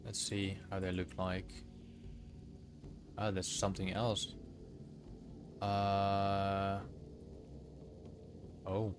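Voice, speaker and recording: His voice sits low, the delivery is completely flat, and he talks extremely slowly with long pauses. He's an easygoing streamer playing a video game and chatting casually with viewers over game music.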